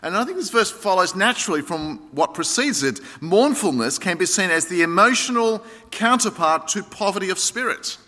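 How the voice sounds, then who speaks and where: A man's voice: high-pitched, lively intonation, moderate pace, few pauses, pushed and bright. A man preaching a sermon with passion, at times rising into a pleading prayer. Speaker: pastor. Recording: long reverb of a large hall.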